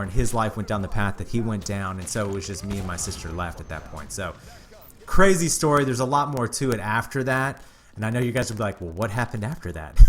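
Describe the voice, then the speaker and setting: A man's voice: mid-range voice, fairly bright tone, slight background noise. A man hosting his own channel, candidly telling a personal story to his viewers in a casual, earnest way. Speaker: YouTube channel host.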